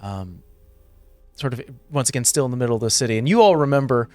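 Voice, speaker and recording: A man's voice: mid-range voice, animated, fast talker, darkish tone, no room sound, soft background music. A man narrating as game master of a tabletop game, rambling with many filler words.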